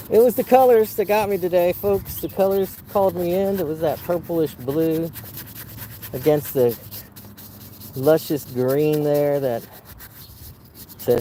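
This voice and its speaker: Long pauses punctuate the unhurried, mellow talk of a plein air painter in a wildflower field, who chats to viewers in a rambling, wry, playful manner. His pitch is fairly high, and there's slight background noise.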